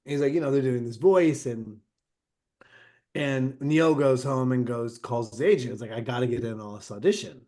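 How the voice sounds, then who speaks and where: A middle-aged man telling stories in a casual interview, acting out quotes with lively shifts. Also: mid-range voice, normal speed. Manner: animated anecdote-telling with acted-out quotes. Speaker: interview guest, actor.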